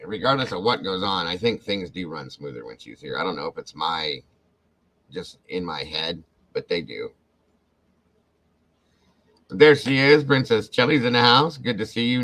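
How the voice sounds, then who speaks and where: A man's voice: low voice, poor audio. A man hosting a casual livestream, greeting viewers by name and thanking them effusively. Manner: warm, effusive, calls out viewer names. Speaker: livestream host.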